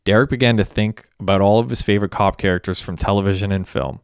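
Male audiobook narrator, steady delivery, low smooth voice, dry close sound. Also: fast talker, no room sound. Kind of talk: scripted narration.

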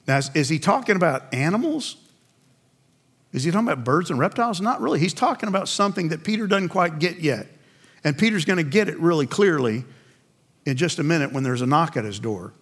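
Speaking fairly quickly in an expressive, higher-pitched voice, a pastor leads a sermon. He keeps putting questions to the congregation and then answering them, acting out the quoted biblical voices as he tells the story.

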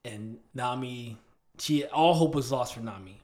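Man, casual podcast co-host, animated storyteller. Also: mid-range voice, unhurried. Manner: animated storyteller, acts out scenes. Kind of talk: casual chat.

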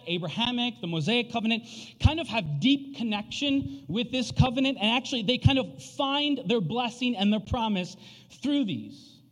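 A man in his thirties preaching a sermon, telling a family story in an animated, casual way with frequent fillers. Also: sits high. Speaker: pastor. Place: church sanctuary. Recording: long reverb of a church hall.

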